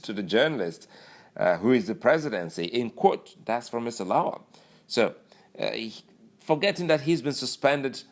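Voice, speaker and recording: Male commentator, lower register, thinks aloud with frequent fillers. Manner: filler-heavy, musing delivery with many uhs and you knows. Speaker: political commentator. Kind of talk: political commentary.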